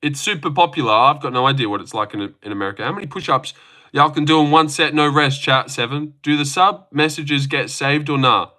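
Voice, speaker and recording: A man streams live, chatting with his viewers in a crude, joking, boastful way. His voice sits somewhat high and rings sharp and bright. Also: brisk. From Australia. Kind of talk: live-stream reaction chat, reading chat aloud.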